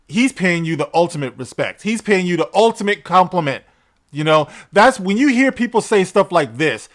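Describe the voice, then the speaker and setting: A man with a fairly high-pitched voice hosts a commentary video. He reads from a news article and answers it bluntly, and he stays sarcastic and emphatic, swearing freely as he makes each point. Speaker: commentary channel host.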